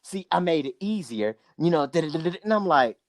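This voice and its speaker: A man's voice: a little high, fairly quick, dry recording, clean studio sound. A man co-hosting a casual podcast, telling a story with acted-out quotes and cursing. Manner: animated storyteller, acts out quotes, profane. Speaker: podcast co-host.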